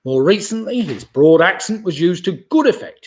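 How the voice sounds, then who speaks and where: A man in his sixties hosting a live quiz from home, chatting casually, chuckling often and reading each question slowly twice. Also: sits high, big pitch swings, darkish tone. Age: 60s. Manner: chatty, chuckles often, asides about beer; reads questions slowly and repeats them. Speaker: pub quiz host.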